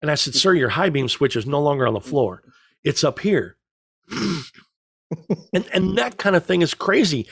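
A middle-aged man telling stories in casual chat as a podcast co-host, rambling and joking with a deadpan delivery. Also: fairly high pitch, moderate pace, gravelly, pauses often, husky, dry recording, clean studio sound.

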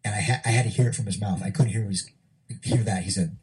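Emotional man telling a story, dark voice. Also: fast talker, husky, rough recording. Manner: emotional, acts out quotes with shifting pitch. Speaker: former wrestler recounting a story. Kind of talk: casual podcast storytelling.

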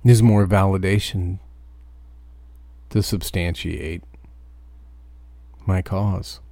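A truck driver giving a profane, ranting podcast monologue. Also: male voice, low-pitched, steady tone, very slow, mellow, no echo.

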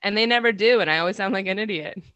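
A woman talks casually as a podcast guest, poking fun at herself and breaking into laughter mid-sentence. Her voice is bright and forward, and the sound is dry and close with no room around it. She wanders and restarts her thoughts in a loose, chatty way. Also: mid-range voice, racing, smooth, no room sound, muffled recording. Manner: self-deprecating, laughs through her words, rambling restarts. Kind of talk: casual interview chat.

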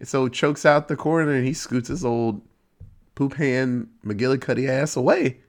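Man, casual movie recap, profane, animated storytelling, sudden pitch jumps, middle pitch. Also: moderate pace. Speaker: movie reviewer.

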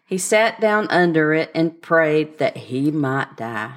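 A woman with a deep voice speaks at a measured pace with few pauses. She co-hosts a podcast, reading scripture aloud and then talking it over in casual Bible study chat.

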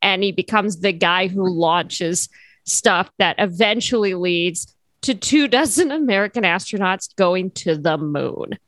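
A woman's voice: lowish voice, expressive, a little slow, fairly bright tone, no room sound. A woman co-hosting a podcast, talking loosely with lots of fillers and jokey asides. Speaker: podcast co-host. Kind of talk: casual chat.

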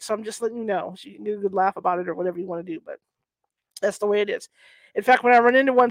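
A woman hosting a channel, reading a historical book aloud with chatty asides and halting over old wording. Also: medium pitch, dry recording. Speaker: host of a paranormal reading channel.

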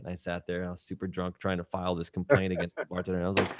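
A man's voice: deep voice, racing, hardly any pauses, dry recording. A man on a podcast telling stories in casual chat, acting out voices and laughing as he goes. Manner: animated storyteller, acts out voices and laughs. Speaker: podcast host.

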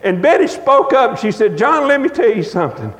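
A man preaching a revival sermon with a very high, ringing voice. He tells folksy stories and leans into words with a drawn-out cadence. The sound carries a long church-hall reverb. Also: very animated, a bit bright.

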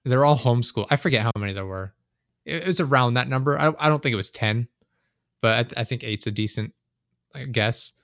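A man's voice: medium pitch, fast talker, gravelly, a bit bright, dry recording, studio quality. A young man chatting casually as a podcast host, telling long rambling stories, swearing a lot and laughing often. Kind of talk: casual chat.

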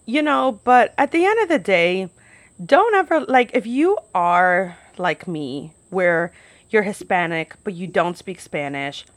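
A woman's voice: medium pitch, lively intonation, a little slow, no echo. Chatty young woman, dry close sound. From New York. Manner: chatty, peppered with "like", swears freely. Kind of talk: casual storytelling monologue.

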